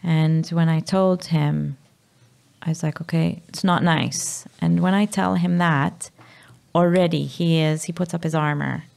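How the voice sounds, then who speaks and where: Maltese woman, very gravelly, dark low voice, halting candid talk. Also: steady tone. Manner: halting, searching for words. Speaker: guest, mother of a sick child. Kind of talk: candid emotional conversation.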